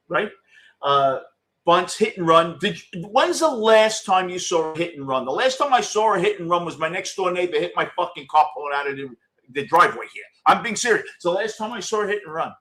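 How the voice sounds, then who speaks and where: This middle-aged postgame host has a voice that sits high and moves a little fast. Casual with viewers, he responds to a live game excitably and bluntly, cursing freely.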